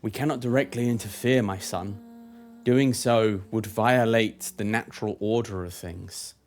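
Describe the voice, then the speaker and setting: A man voicing a calm, blind celestial being in the form of a man, speaking gravely and slowly in a low, quiet voice. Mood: solemn.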